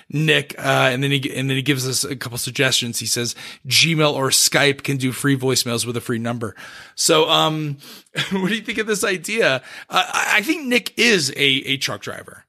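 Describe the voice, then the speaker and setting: A man's voice: mid-range voice, moderate pace, pushed and bright. A man co-hosting a podcast in casual chat, reading listener mail and often breaking into laughter. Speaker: podcast co-host.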